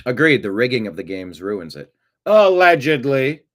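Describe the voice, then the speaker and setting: A man's voice: sits low, lively intonation, brisk, a bit bright. A man hosting a live stream, chatting casually and reading viewer comments with rambling, jokey asides. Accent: American. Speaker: show host.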